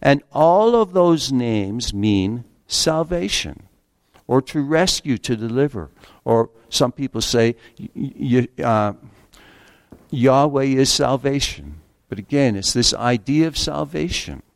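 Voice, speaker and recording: A man preaching a sermon in an earnest way, slowing down to read scripture aloud and stumbling over the odd restart. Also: medium pitch, lively intonation, dry recording, clean studio sound.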